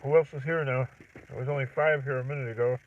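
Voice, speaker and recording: A middle-aged man chatting casually on a livestream, rambling, clearing his throat and chuckling as he talks from his truck. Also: mid-range voice, steady tone, fast, distant mic. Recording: tinny phone-like audio from off-mic.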